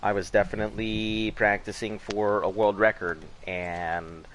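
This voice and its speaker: A man's voice: on the low side, flat delivery, unhurried, fairly bright tone, a little hiss or hum. A man in his thirties chatting casually while he plays a game, telling stories full of swearing and laughter. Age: 30s. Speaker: gaming streamer. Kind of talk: casual chat while gaming.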